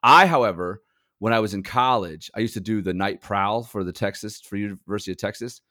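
A young adult man co-hosting a podcast tells stories in relaxed chat, laughing often and acting out what people said. His voice is lowish and a little fast.

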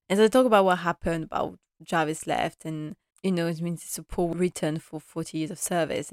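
A woman's voice: lowish voice, clear, resonant tone, no room sound, clean studio sound. Chatty, laughing woman reviewer. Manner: enthusiastic, chatty, laughing often; acts out characters' lines. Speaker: TV episode reviewer. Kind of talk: casual recap vlog.

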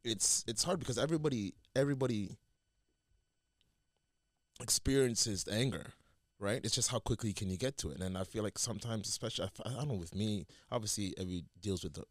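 A man's voice: fairly low pitch, a little fast, dry recording. A man co-hosting a podcast in casual chat, rambling with many restarts and acting out what he says to himself. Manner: rambling, many restarts and quoted self-talk. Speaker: podcast co-host.

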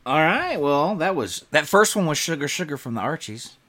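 A man's voice: a little high, very animated, normal speed, a bit bright. A man hosting a radio music show, chatting casually and rambling easily between songs. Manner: easygoing, chatty, loosely rambling.

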